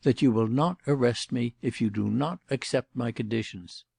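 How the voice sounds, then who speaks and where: A man's voice: medium pitch, normal speed, creaky, darkish tone, husky, no room sound, studio quality. A man voicing a cold, passionless suspect. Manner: passionless and formal. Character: cold, commanding male suspect.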